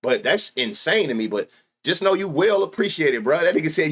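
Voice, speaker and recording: Excitable, animated male sports-betting streamer. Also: fairly high pitch, normal speed. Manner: loud excitable outbursts, heavy profanity, slangy. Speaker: sports betting livestream host. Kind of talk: casual live-stream chat.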